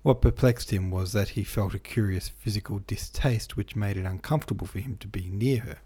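A man reading a classic novel aloud in a steady, measured way, with the odd small slip. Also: on the low side, slightly rough. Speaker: audiobook narrator.

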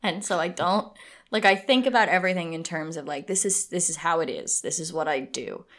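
Chatty woman, lower voice. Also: brisk. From United States. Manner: chatty, animated, with frequent restarts. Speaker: podcast co-host. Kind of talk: casual book discussion.

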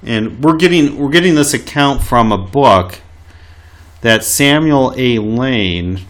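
A man co-hosting a casual history podcast, telling a local story with animated delivery and frequent laughs. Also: mid-range voice, slow pace.

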